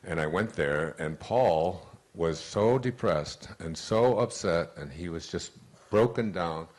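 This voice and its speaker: Low-voiced man telling motivational stories. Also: takes it slowly. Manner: animated storyteller, acts out quoted voices, frequent restarts. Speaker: motivational speaker. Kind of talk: motivational talk with personal stories.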